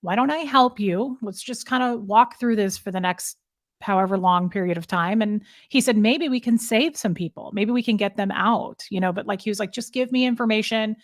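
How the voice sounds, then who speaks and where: A woman guest in a conversational interview, telling her story candidly and emotionally, with frequent halting restarts. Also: medium pitch, no room sound, clean studio sound.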